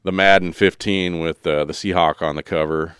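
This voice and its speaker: A man's voice: sits low, fairly even intonation, normal speed, fairly bright tone, smooth, no room sound, studio quality. A man hosting a podcast in casual chat, rambling and loose with lots of fillers. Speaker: podcast host.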